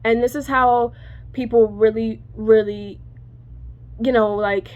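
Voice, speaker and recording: A woman's voice: fairly high pitch, steady tone, slow pace. Rambling woman telling her story, lo-fi. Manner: rambling, self-correcting, cusses freely. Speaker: channel host telling a personal story. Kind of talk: casual storytelling to viewers.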